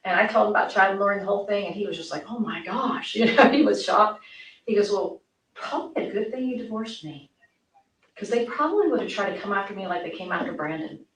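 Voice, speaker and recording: Expressive and quick, this woman's medium-pitched, somewhat bright voice carries through a rambling interview full of restarts and acted-out quoted conversations. It's recorded from afar in an echoey interview room with faint noise.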